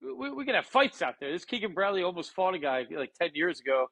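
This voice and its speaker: A man with a somewhat high voice talks sports bets excitably, tripping over his words as he restarts sentences. The sound is dry and close. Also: quick pace, gravelly, no room sound. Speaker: sports betting co-host. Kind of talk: casual sports chat.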